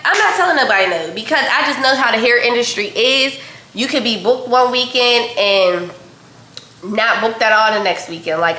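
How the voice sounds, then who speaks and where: A young woman from Pittsburgh, a hairstylist, telling a story casually to her viewers while she cooks in her kitchen, chatty and animated. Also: on the high side, reverberant. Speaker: vlogger and hairstylist. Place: home kitchen.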